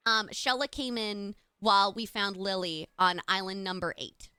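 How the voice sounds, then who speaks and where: A woman's voice: mid-range voice, moderate pace, pushed and bright, smooth, no echo, clean studio sound. A young adult woman streaming live, chatting casually and gushing thanks to her chat in a bubbly way.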